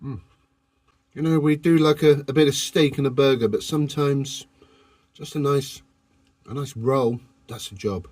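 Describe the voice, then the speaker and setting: A man's voice: mid-range voice, fairly even intonation, moderate pace, long pauses, a little mellow, no room sound. Cheeky man vlogging from a van. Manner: cheeky, jokey, talks to camera. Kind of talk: casual camping vlog. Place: inside a van, in the countryside. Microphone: phone camera.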